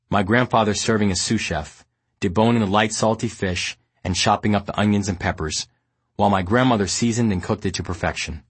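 A man from New York reading his memoir aloud as an audiobook, in a measured, steady storytelling manner. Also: on the low side, husky, no room sound. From New York, United States. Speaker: memoir narrator.

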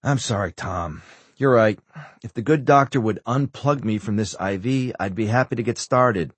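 A man's voice: lowish voice, moderate pace, husky, dry recording. A man voicing a stubborn, sarcastic injured man pushing to get out of bed, in an audiobook. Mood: impatient. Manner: insistent, sarcastic. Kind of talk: audiobook character voice.

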